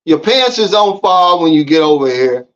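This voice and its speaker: A man's voice: a little high, sing-song, moderate pace, a bit bright. A man from the United States talking casually to his viewers, giving emphatic, preachy advice straight to camera. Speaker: vlogger. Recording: slightly dull lo-fi audio.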